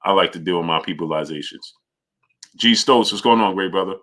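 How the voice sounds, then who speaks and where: A man with a low but bright, forward voice runs a live boxing chat stream. He rattles off viewer names between points and argues back at the chat with conviction. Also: fairly quick. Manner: greets viewers by name, argues forcefully. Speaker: boxing channel host.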